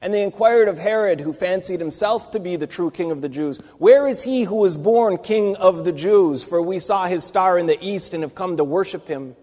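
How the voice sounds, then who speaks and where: A man's voice: high-pitched, normal speed, hardly any pauses, dark tone, long reverb tail. A man giving a Bible teaching, talking it through conversationally with restarts and asides. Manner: conversational, thinking aloud with fillers and restarts.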